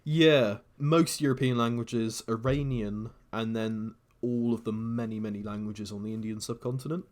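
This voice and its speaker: A man's voice: on the low side, steady tone, moderate pace. A man co-hosting a podcast, rambling casually with lots of fillers and swearing. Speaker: podcast co-host. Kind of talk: casual chat.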